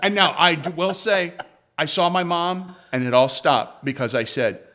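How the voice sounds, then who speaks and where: A man, a comedian, telling a personal story in an interview with animated, joking delivery. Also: on the high side, moderate pace. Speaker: comedian guest.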